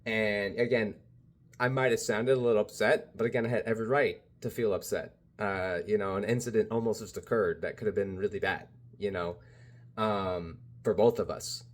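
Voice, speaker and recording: A man's voice: on the low side, steady tone, moderate pace. A man vlogging in a casual, rambling monologue, full of "you know", "like" and "bro". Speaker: spiritual vlogger.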